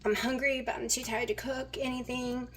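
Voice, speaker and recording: A woman's voice: a little high, level tone, normal speed, noisy background. A woman chatting casually as she cooks in her home kitchen, rambling with plenty of fillers. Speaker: vlogger. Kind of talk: casual kitchen vlog chat.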